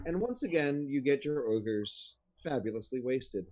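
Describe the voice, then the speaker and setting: A man's voice: mid-range voice, lively intonation, a little slow, noisy background. A man narrating as game master of a tabletop game, casual with many fillers.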